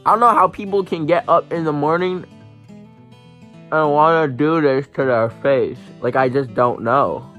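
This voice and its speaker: A man's voice: unhurried, a bit bright, soft background music. Young man vlogging playfully. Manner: playful, slangy, self-mocking; squeaks like a rat in high bursts. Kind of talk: casual comedic vlog.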